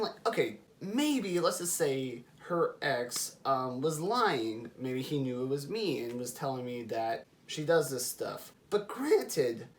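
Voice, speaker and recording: Lively young man telling a story. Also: on the high side. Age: young adult. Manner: animated, chatty, laughs while telling. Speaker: vlogger. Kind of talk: casual storytelling to camera.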